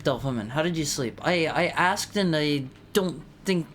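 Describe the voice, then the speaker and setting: Animated, chatty male streamer. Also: on the high side, normal speed, a little hiss or hum. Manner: animated, self-interrupting, repeats words. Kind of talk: casual stream chat.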